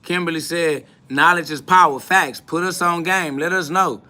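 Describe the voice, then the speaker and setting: A man hosting a live stream brags and trash-talks in a preachy, repetitive manner while responding to viewer comments. His voice runs on the high side, pushed and bright, at a moderate pace.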